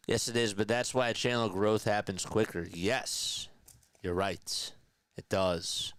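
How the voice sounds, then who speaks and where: Chatty male stream host calling pitches between viewer shout-outs, smooth and resonant, dry sound. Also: slow pace, dry recording. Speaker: livestream play-by-play host. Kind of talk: casual live play-by-play with chat reading.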